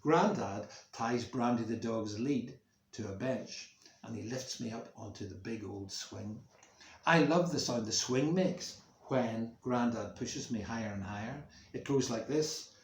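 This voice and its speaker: With a mid-range voice, a male music teacher performs a story for schoolchildren, going slowly and voicing the sounds expressively. He's in a home room near a main road with the window open, which brings slight background noise and a roomy echo.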